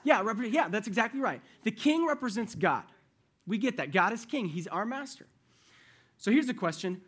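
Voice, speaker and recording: A man's voice: sits high, animated, moderate pace, a bit bright, breathy edge. A young man preaching a sermon in a casual, conversational way, addressing his group directly and retelling a parable.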